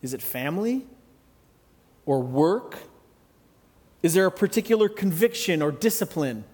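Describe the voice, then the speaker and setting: A man preaching a sermon in a conversational, reflective way with gentle humor. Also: fairly high pitch, lively intonation, unhurried, long reverb tail. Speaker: pastor.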